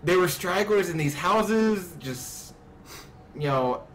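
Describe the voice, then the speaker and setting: A man's voice: high voice, animated, slow pace, slight background noise. A man hosting a casual dual commentary over a shooter match, laid-back and chuckling with his friend. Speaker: channel host, gameplay commentator.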